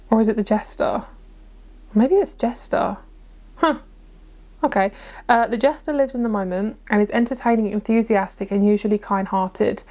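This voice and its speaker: Brief: woman, mid-pitched voice, chatty and reassuring tarot reader talking to camera, trips over tricky words. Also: a little mellow. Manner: chatty and encouraging, stumbles over hard words. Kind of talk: pick-a-card tarot reading to camera.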